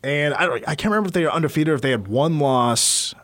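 A man's voice: a little high, fast, no room sound. Male sports host, dry close sound. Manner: steady storytelling, recaps games in detail. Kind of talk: casual sports talk.

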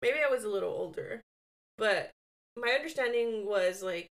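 A woman's voice: medium pitch, animated, normal speed. A woman in her thirties chatting casually as a podcast co-host, telling stories with Spanish phrases mixed in and laughing often. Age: 30s. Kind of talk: casual chat.

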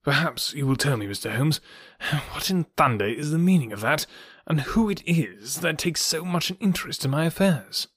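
A man's voice: fairly high pitch, expressive, moderate pace, a bit bright, breathy edge, no echo. A man reading aloud and voicing a blunt, impatient young heir who talks plainly and directly. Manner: blunt, forthright, plain-talking.

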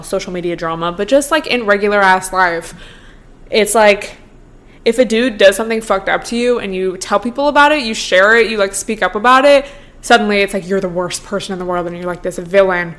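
A woman's voice: medium pitch, fairly quick, a bit bright. A young woman in her twenties hosting a solo podcast, talking casually with lots of "like", swearing freely and laughing often. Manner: chatty, profane, full of "like", laughs often. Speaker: podcast host.

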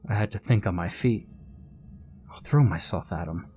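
A man narrating a horror story in a measured, suspenseful way. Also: fairly low pitch, mellow, husky.

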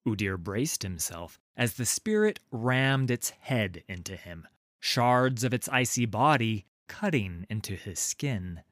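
A man reading a fantasy story aloud in a measured, deliberate way. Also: lowish voice, expressive, a bit bright, dry recording, clean studio sound. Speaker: narrator. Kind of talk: scripted fantasy narration.

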